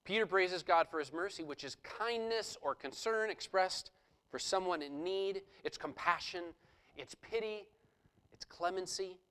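A man's voice: sits high, unhurried, bright, forceful tone, clear, resonant tone, rough recording. A man preaching a sermon, explaining a scripture passage verse by verse and reading passages aloud with rising intensity. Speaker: pastor.

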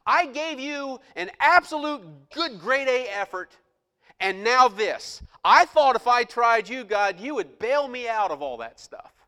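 A whiny, disillusioned grown man complaining loudly in a strained, high-pitched voice, as a preacher puts him on mid-sermon. His griping is bright and piercing, with a long reverb from a big hall behind it. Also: lively intonation, fairly quick, heavily acted. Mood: whining. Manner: whining, loud complaining.

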